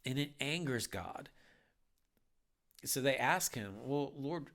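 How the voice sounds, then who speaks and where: A man's voice: medium pitch, animated, slow, pushed and bright. A man hosting a Bible podcast, talking in an earnest, heartfelt, urging way. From United States. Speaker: podcast host. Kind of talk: earnest Bible teaching talk.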